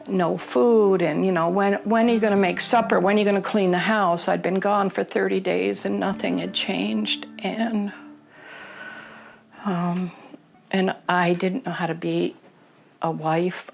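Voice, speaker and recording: A woman's voice: fairly low pitch, creaky. A middle-aged woman telling her personal recovery story in an interview, candid and emotional, with many fillers.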